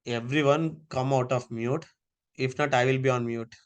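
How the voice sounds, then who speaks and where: A man's voice: mid-range voice, steady tone, normal speed, clear, resonant tone. A man teaching a live online class over a video call, giving repeated step-by-step instructions.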